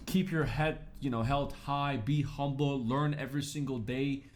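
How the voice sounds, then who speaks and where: A man's voice: mid-range voice, fairly even intonation, unhurried, slight background noise. A man co-hosting a casual reaction show, sarcastic and crude, mocking what he watches. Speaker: co-host.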